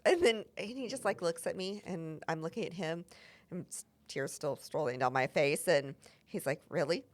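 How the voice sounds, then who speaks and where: A woman's voice: low-pitched, moderate pace, dry recording. Woman host chatting casual, swears a lot, lots of "like", dry close sound. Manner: frank, swears freely, many "like" fillers. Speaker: podcast host and shop owner. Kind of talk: casual chat.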